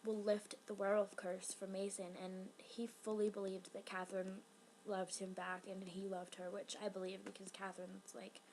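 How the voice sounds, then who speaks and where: A woman reviewing a TV episode in a casual vlog, rambling and excitable, full of fillers. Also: mid-range voice, moderate pace, a little hiss or hum, low-quality recording.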